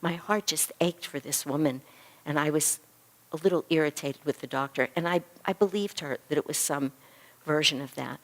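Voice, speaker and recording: Middle-aged woman teacher, low-ish voice, animated storyteller voicing each character. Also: normal speed. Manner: animated storyteller who acts out dialogue. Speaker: physician and spiritual teacher. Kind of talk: storytelling lecture to a class.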